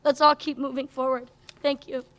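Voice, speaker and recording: A woman's voice: sits high, flat delivery, moderate pace, very noisy. A young woman giving a heartfelt commencement thank-you speech as a graduating student, working through a list of names. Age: young adult. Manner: heartfelt, lists names one after another. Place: college commencement stage.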